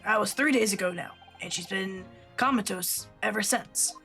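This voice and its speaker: A woman voicing a gruff middle-aged male police inspector in a video game, with a rough chain-smoker rasp and a formal, officious way of reporting. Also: mid-range voice, normal speed, pushed and bright, soft background music. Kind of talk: voicing a game character on stream.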